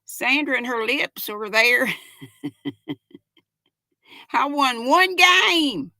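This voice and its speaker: A woman's voice: sits high, animated, drawn-out words, sharp tone, no echo. Older woman, casual livestream host with a folksy manner and a dry, close sound. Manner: chatty, giggly, folksy, talks to viewers as "y'all". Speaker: livestream host reading chat. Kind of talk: casual chat. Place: at home.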